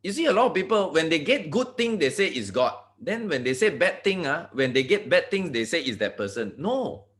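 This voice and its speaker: Animated Malaysian man giving a pep talk. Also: fairly quick. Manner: animated, swinging pitch, repeats words and restarts; addresses audience directly, asks for agreement. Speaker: motivational speaker. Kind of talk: motivational talk to an online group.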